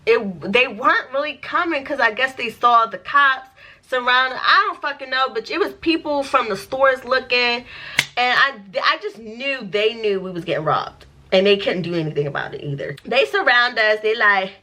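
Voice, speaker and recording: A woman recounts a wild story in a high, bright voice. She is animated and profane, jumping into the voices of the people in her tale, and the whole telling has a casual vlog feel. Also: moderate pace. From United States. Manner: animated, profane, acts out dialogue. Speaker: vlogger.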